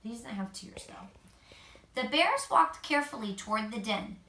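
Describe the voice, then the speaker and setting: A mother reading a picture book aloud to her child at home, expressive, with gentle asides. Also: fairly high pitch, normal speed, slight background noise. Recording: echoey room, mic at a distance.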